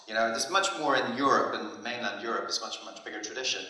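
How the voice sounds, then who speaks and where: A man's voice: medium pitch, fast talker, few pauses. Man speaking in an echoey hall. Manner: casual, anecdotal, lively storytelling. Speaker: conference speaker. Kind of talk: conference talk.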